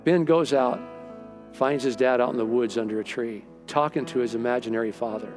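Male pastor, middle-aged, sermon, storytelling, soft guitar behind. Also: medium pitch, brisk. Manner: storytelling, acts out quoted dialogue.

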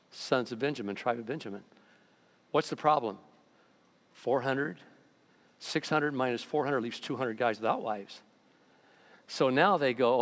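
A man preaching from the pulpit with a high, lively voice that rises and falls as he acts out people's complaints. His sermon rings through a church hall with a long, trailing reverb. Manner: animated, mocking voices of the people he quotes. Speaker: pastor. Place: church sanctuary.

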